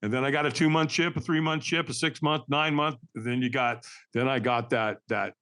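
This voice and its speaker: An older man, a podcast guest, telling a personal story in a candid, earnest way and acting out old conversations with lively energy. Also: mid-range voice, fairly quick, smooth. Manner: animated, acts out remembered dialogue.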